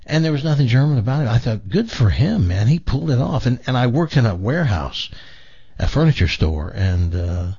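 A man's voice: medium pitch, big pitch swings, a little fast, creaky, warm tone, breathy edge, no room sound. A male radio talk show host, telling rambling, chuckling stories. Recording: dull broadcast audio.

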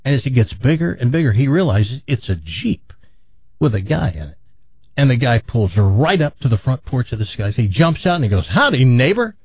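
A man hosting a radio talk show, telling a long joke in a casual, animated way, his jaw sore after dental work. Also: medium pitch, moderate pace, breathy edge, no echo, dull audio. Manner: animated joke-telling, laughs at own story.

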